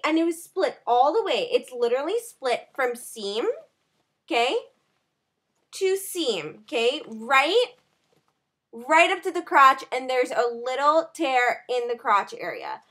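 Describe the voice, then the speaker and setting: Young woman vlogger, high bright voice, chatty and animated, running on little sleep. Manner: animated, talks fast with many "like" and "okay" fillers. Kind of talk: casual vlog rant.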